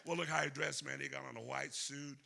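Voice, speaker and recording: A man's voice: mid-range voice, flat delivery, fairly quick, creaky, background noise. A man with a Southern US accent voicing a cocky, streetwise young man who talks in drawling street slang. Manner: drawling street slang, lots of "you know what I'm saying".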